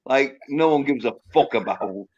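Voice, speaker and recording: A man's voice: mid-range voice, expressive, normal speed, darkish tone. Teasing British man, dull audio. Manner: teasing, swears freely. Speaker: livestream guest. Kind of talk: casual chat.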